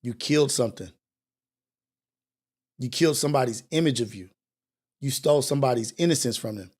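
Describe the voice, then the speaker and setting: Animated man preaching casual commentary. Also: on the high side. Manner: animated, preachy and confessional, with slang and cursing. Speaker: morning show host.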